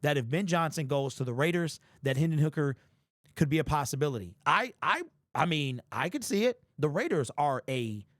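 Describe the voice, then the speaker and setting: A man hosting a sports commentary channel, talking straight to his viewers in a casual, animated monologue and repeating his points. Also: a little high, no room sound, studio quality. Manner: animated, repetitive, talks directly to viewers.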